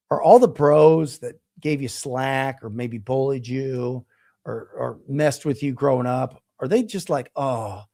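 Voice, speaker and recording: A middle-aged man gives a casual motivational talk coaching people on real estate, animated and emphatic as he repeats his key points. His voice is mid-range.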